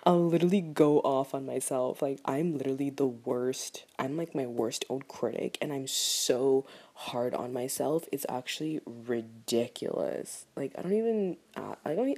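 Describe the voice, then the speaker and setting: Young woman, really deep husky voice, rambly heartfelt vlog talk, lots of "like". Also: dark tone. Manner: rambling, heartfelt, self-critical, many "like" fillers. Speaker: vlogger. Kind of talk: candid personal talk to camera.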